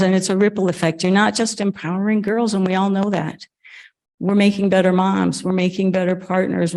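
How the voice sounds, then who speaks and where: A woman's voice: medium pitch, gravelly, darkish tone, rough recording. Effusive woman speaking at a club event. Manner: earnest and effusive, with frequent restarts and laughs. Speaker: Rotary event interviewer. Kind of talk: emotional conversational talk at an event.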